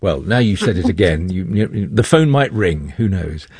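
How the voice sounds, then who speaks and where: A man hosting a radio interview programme, measured and steady, with frequent small fillers. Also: low-pitched, husky, no room sound.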